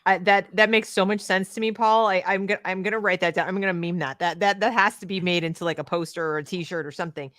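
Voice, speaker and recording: A woman hosting a panel discussion, effusive and chatty, thanking her guests warmly. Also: lowish voice, steady tone, fast talker, few pauses, no room sound. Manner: warm, effusive, chatty with fillers. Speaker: host.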